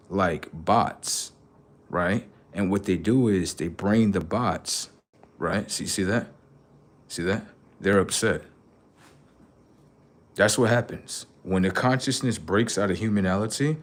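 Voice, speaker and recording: A man hosting a live stream and talking to his chat in a rambling, preachy way, full of profanity and street slang, dropping to low mutters and jumping up to high outbursts. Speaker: livestream host.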